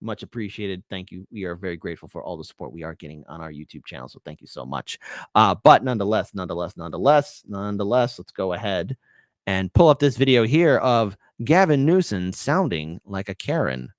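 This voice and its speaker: A male host talks over news clips in a lively, swooping voice. He mocks what he hears and sometimes breaks into shouts. The sound is close and dry, with no room around it. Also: low-pitched, brisk, no echo. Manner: animated and mocking, with shouted bursts.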